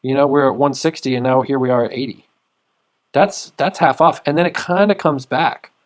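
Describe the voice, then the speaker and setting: A man giving a casual screen-share tutorial, rambling with lots of fillers and repeated words, sometimes dropping into quiet mumbles. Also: mid-range voice, fairly even intonation, normal speed. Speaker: trading tutorial host.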